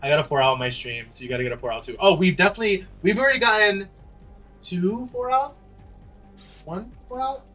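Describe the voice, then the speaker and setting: A man's voice: high voice, expressive, fairly quick, pushed and bright, faint music behind. A young man streaming a game, chatting with teammates in a dramatic, sassy way. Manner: dramatic, sassy, shrieking and laughing. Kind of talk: gaming livestream commentary.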